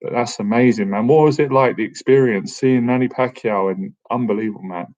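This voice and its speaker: Hosting a relaxed live-stream Q&A, a man in his thirties who coaches boxing stays chatty and jokey, regularly adding "man" to what he says. His medium-pitched voice is brisk with a darkish tone, heard through dull lo-fi stream audio.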